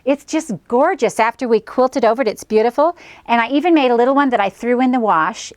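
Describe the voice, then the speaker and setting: A woman's voice: fairly high pitch, expressive, normal speed. A middle-aged woman hosting a quilting tutorial, chatting cheerfully and folksily as she demonstrates each step. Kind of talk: friendly craft demonstration.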